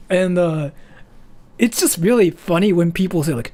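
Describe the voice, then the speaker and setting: A speaker from Japan, chatting casually on a livestream while reading donations, lively and giggly. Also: medium pitch, moderate pace, husky. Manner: animated and giggly, peppered with "like" and "freaking".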